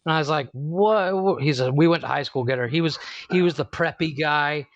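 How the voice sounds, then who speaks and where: A man co-hosting a podcast in casual chat, swearing freely, laughing often and telling lively stories. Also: on the high side, fast, no echo, highs cut off. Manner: swears freely, laughs a lot, animated storytelling. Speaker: podcast co-host.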